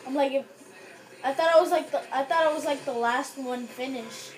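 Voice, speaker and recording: A woman chatting casually with friends while gaming, loud and excitable, swearing freely. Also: high voice, moderate pace, rough recording. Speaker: gamer playing with friends.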